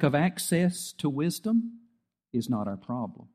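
A man's voice: fairly high pitch, very animated, unhurried, mellow. A middle-aged man preaching a sermon as pastor, telling stories with acted-out quotes and emphatic peaks.

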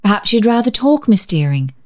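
A woman voicing a timid, hopeful young woman who speaks brightly and falters when nervous. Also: mid-range voice, very animated, fairly quick, pitched above the performer's own voice, lightly acted. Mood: flustered.

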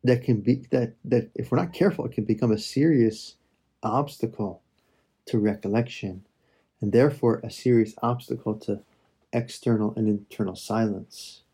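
A man speaks a slow, reflective prayer meditation in a mellow, darker voice with a slightly husky edge. He talks with soft pauses, turning from prayer to gentle teaching. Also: on the low side.

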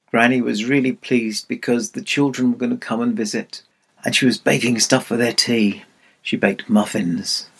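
A man speaking as Santa, telling a children's story in a playful, animated way and asking the listener questions. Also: mid-range voice, gravelly, breathy edge.

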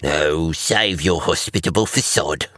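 A man voicing a wealthy bearded stranger, touchy and indignant, with a high, wounded delivery. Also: measured pace, a bit bright, no room sound, studio quality, heavily acted. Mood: scornful.

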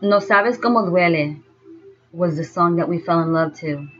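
A woman telling a first-person story in a slow, dreamy way. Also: on the low side, a bit bright. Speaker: narrator. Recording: dull lo-fi sound with faint music.

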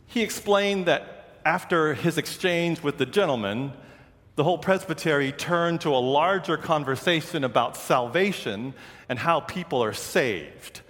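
A man's voice: a little high, lively intonation, unhurried, fairly bright tone, long reverb tail. A man preaching a sermon, telling stories and acting out the voices of the people he quotes. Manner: storytelling, acts out quoted voices. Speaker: pastor.

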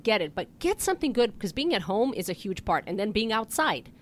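A woman podiatrist, a guest on a health talk show, explaining foot problems in a relaxed, plain way with easy laughs. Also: medium pitch, a little fast, a little hiss or hum. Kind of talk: casual interview talk.

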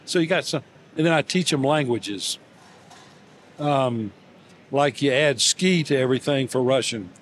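An older man, a guest in an interview, telling warm everyday stories in a halting, gently humorous way, with many fillers and restarts. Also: medium pitch, a little hiss or hum. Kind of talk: reflective storytelling interview.

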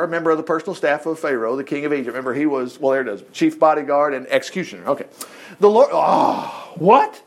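A man preaching in a high, very lively voice that swoops up and down. He retells the story in a folksy way, breaking off for joking asides to his listeners. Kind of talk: sermon retelling a Bible story.

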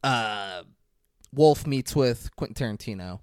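A man's voice: medium pitch, measured pace, clear, resonant tone, no room sound, studio quality. A man co-hosting a podcast, recapping a film in casual, profane chat. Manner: animated, profane storytelling. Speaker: podcast co-host.

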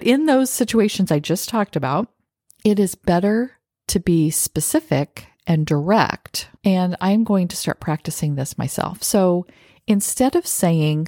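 Low-voiced woman podcast host, dry close sound. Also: unhurried, dry recording. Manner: calm coaching tone, acting out example phrases. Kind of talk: podcast advice monologue.

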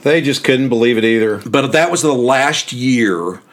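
A man's voice: medium pitch, a little slow. Rambling middle-aged man telling stories. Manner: rambling, animated anecdotes with chuckles and restarts. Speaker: podcast host. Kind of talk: casual storytelling.

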